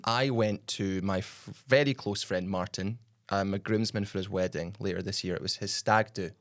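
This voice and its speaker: A man's voice: low voice, steady tone. A man co-hosting a radio football show, telling a story in casual chat. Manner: storytelling, quick.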